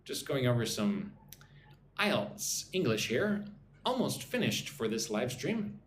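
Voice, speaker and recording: Teaching an English lesson on a live stream, a man with a mid-range, very animated voice speaks slowly, sounding out words syllable by syllable. He repeats phrases and greets viewers in the chat, with a little hiss or hum in the audio.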